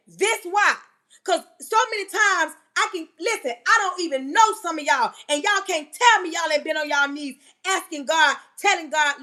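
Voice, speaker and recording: A woman preaching on a live stream, emphatic and yelling, firing rhetorical questions at her listeners. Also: extremely high pitch, moderate pace. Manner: yelling and emphatic, banging on the table.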